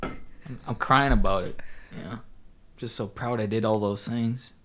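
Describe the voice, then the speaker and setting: Laughing, bright-voiced podcast co-host man. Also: on the low side, steady tone, normal speed, slight background noise. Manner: laughs a lot, crude joking. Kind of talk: casual chat.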